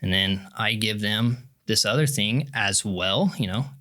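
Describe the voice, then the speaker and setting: Male coach guest from Kansas; measured, earnest explainer with a bright, slightly low voice. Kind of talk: casual podcast interview.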